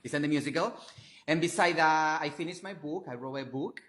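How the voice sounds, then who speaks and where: A man's voice: a little high, a little fast, roomy sound. Effusive Latin American-accented man. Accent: Latin American Spanish. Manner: energetic, effusive, non-native phrasing. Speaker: performance artist, interview guest. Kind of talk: casual interview chat.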